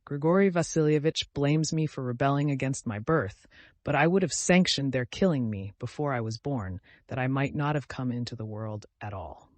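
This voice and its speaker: Curt sneering young manservant, as a narrator reads him, very dry sound. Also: male voice, mid-range voice, normal speed, no room sound, natural voice. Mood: disdainful. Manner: curt, disdainful. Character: sneering young male lackey, bitter and conceited.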